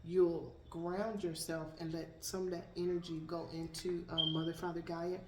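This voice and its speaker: Woman, lowish voice, chatty tarot reader, echoey room, faint hiss. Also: flat delivery, moderate pace. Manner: chatty, talks to her pets between cards. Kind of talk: casual spiritual card reading.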